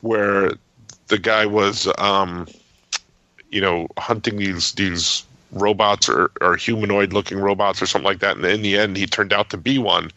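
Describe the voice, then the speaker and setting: A man co-hosting a podcast, chatting casually in a halting way, repeating words and filling pauses. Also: deep voice, steady tone, bright, forceful tone, no room sound. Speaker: podcast co-host. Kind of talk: casual chat. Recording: dull, dry lo-fi mic.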